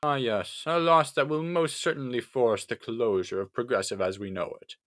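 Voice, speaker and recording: A man's voice: medium pitch, normal speed, a bit bright, dry recording, studio quality, natural voice. A man voicing a guarded, slightly annoyed female company chief in a read-aloud story. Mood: measured.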